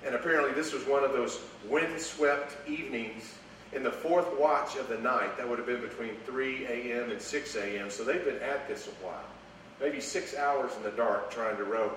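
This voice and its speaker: A man preaching a sermon, animated, stumbling over repeated words, dropping to a hush and then rising high and loud. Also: moderate pace. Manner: animated, repeats words, voice swings from hushed to raised. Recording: echoey room, voice from far off, faint noise.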